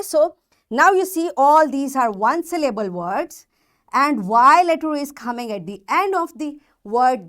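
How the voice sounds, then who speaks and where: A woman's voice: on the high side, a bit bright. A woman with a Pakistani English accent teaching a recorded phonics lesson to children, patiently repeating example words and checking that they follow.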